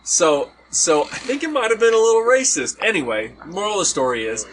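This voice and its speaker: A man's voice: sits high, fairly quick. Man telling a story outdoors, noisy. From Hawaii. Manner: animated, acts out quoted voices. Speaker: podcast host telling a story. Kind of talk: casual storytelling among friends. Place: outdoors around a fire at a party. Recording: outdoor party gathering with background noise.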